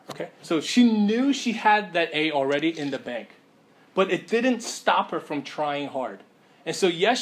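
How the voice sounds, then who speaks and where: A man preaching a sermon in a relaxed, conversational way, often checking in with his listeners and using many fillers. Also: on the high side. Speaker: pastor.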